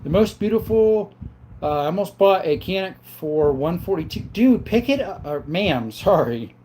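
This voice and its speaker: A man hosting a casual livestream, reading viewers' chat names aloud and answering them in a relaxed, easygoing way. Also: high-pitched, normal speed, slight background noise. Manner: calls viewers brother. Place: home, in front of a counter.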